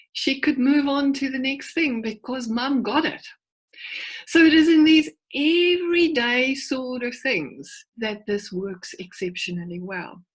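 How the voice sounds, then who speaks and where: A clinical psychologist in her forties, a guest speaker on a video call, gives a conversational presentation, telling stories and often restarting words. Her voice is on the high side with a fairly bright tone, and the audio is poor.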